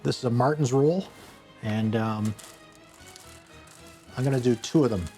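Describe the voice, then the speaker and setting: A man hosting a casual cooking vlog from a home kitchen, rambling and joking at his own expense, with sudden excited bursts. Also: medium pitch, measured pace, faint music behind. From Canada.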